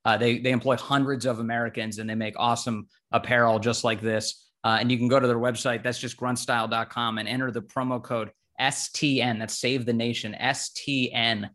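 Male host, quick-talking, bright tone, upbeat ad read. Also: medium pitch, level tone. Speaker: talk show host. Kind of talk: hosting a talk show, reading an ad.

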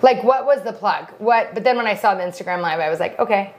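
A woman co-hosting a podcast, chatting and gossiping in an animated, storytelling way. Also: medium pitch, quick pace. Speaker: podcast co-host. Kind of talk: casual chat.

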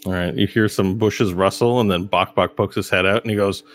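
A man running a tabletop game as game master, narrating with animated delivery and frequent laughter. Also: deep voice, fairly quick. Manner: animated, laughs often, acts out voices.

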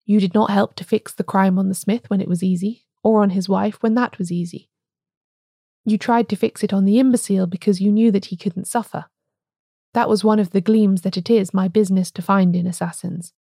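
A calm, grave old priest-detective speaks quietly and gently, unhurried and sure, as a woman reads him aloud. The voice is mellow, and the recording is dry and close. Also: mid-range voice, vocal fry, dry recording.

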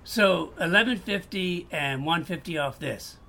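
A man's voice: unhurried, creaky, bright, forceful tone, heavily acted. A man with a Boston accent playing an upbeat customer trying to sell a clock. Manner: salesy, upbeat pitching. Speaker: customer selling items.

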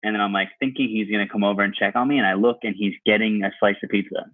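Brief: man, podcast guest, animated rambling storyteller, tinny dry earbud line, voice sitting a bit low. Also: racing, no echo. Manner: animated, swears freely, many "like"s. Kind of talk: casual storytelling chat. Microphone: AirPods on a video call.

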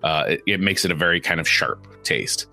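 Man, podcast co-host, casual chat, jokey, rambling, lively pitch, bright tone. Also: normal speed, gravelly, faint music behind. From small town.

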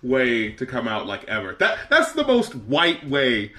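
Man, podcast co-host, casual chat, swearing, very lively, bright voice. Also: medium pitch, a little slow. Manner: animated, swearing, laughs often.

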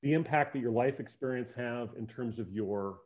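A man from the upper Midwest hosting a casual interview, asking rambling questions with a joking, animated manner. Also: medium pitch, moderate pace, muffled recording. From upper Midwest near Minnesota. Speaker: interview host.

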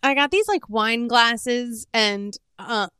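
A woman's voice: a little high, lively intonation, takes it slowly, pushed and bright, smooth, dry recording, studio quality. A young woman co-hosting a podcast, telling stories in casual chat, swearing freely and acting out what people said. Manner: swearing, storytelling, acts out quotes. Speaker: podcast co-host.

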